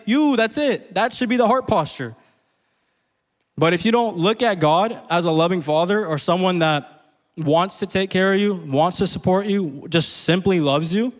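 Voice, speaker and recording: A young man giving an earnest, conversational sermon full of fillers, sometimes rising to near-yelling. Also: sits high. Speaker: preacher. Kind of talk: casual sermon.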